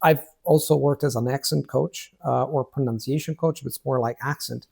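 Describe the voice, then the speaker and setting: A man's voice: mid-range voice, moderate pace, gravelly, slightly rough. Guy chatting about languages, lots of restarts, acts out what people said. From Italy. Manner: animated, stammering restarts, acts out quoted speech. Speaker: language coach and host. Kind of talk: casual conversation.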